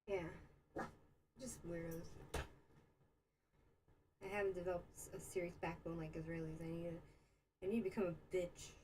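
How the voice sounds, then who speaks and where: A woman's voice: fairly low pitch, level tone, measured pace, pauses often, darkish tone, rough recording. A young American woman hosting a casual livestream, rambling through a story and answering chat comments. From United States. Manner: rambling, chatty, with many fillers and asides. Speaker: livestream host. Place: Israel.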